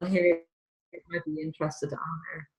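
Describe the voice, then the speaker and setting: A woman guest in an online interview, speaking with enthusiasm and a few halting restarts. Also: low voice, flat delivery, darkish tone, faint music behind. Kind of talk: casual interview talk. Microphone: video call.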